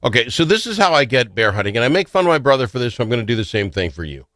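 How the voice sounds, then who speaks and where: A chatty male radio host who laughs easily. His pitch swings widely and his voice is bright. The sound is dry and close, as in a studio booth. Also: big pitch swings, rapid-fire, dry recording. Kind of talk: casual radio interview chat.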